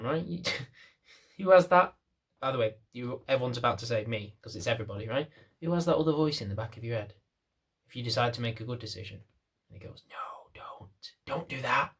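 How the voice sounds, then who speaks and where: A man's voice: medium pitch, breathy edge. A man, a dog trainer, talking casually to camera from a chair, with many fillers and restarts. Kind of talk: unedited talk to camera. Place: indoors, seated in a chair.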